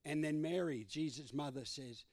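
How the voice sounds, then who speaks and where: A male pastor delivering a sermon. His voice sits a little high for a man, and he drives his points with emphatic, repeated phrases. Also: moderate pace, darkish tone. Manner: emphatic preaching with repetition.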